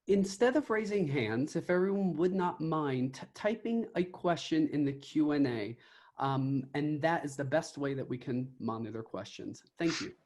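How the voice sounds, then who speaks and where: Woman, moderator, low pitch, polite brief instructions. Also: animated, normal speed, darkish tone. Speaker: session moderator. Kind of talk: brief announcement.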